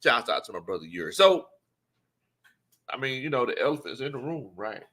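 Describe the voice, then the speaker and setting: A man's voice: medium pitch, big pitch swings, brisk, fairly bright tone. A man hosting a casual sports talk stream, laughing often and greeting viewers by name. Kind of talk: casual live-stream chat.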